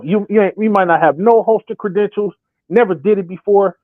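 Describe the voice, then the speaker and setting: Young male sports podcaster, high voice, animated, dry tinny line. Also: brisk, no room sound. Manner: acts out imagined quotes in put-on voices. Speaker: podcast co-host. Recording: thin phone-like sound.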